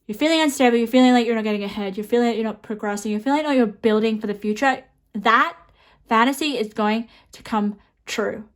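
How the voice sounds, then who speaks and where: A young woman giving a pick-a-card tarot reading, excitable and emotional, rambling and checking in with the viewer. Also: on the high side, fast talker. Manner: excitable, emotional, rambling with frequent "okay?" and "honestly". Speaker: tarot reader.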